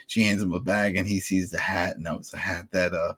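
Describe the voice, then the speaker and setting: Man, podcast co-host, very low voice, husky, casual chat, animated recap. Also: fast, few pauses. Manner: animated, recaps scenes acting out quotes.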